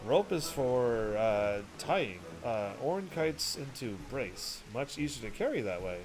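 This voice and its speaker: A man voicing a sheepish goblin hunter who speaks in halting, broken phrases and stumbles over words. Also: mid-range voice, very animated, over music, low-quality recording.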